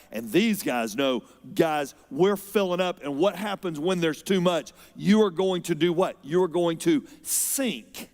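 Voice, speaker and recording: A man preaching a sermon as pastor, expressive, moving between loud emphasis and quiet, unhurried stretches. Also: on the high side. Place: church auditorium. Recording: long hall reverb.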